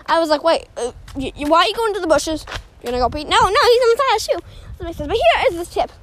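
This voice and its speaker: A young host with a high voice talks while walking outdoors. She rambles in a silly, self-mocking way and is a little out of breath, with faint noise behind her. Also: lively intonation, quick pace, a bit bright. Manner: silly, self-mocking, jumps between topics. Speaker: podcast host. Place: outdoors on a walk near a road.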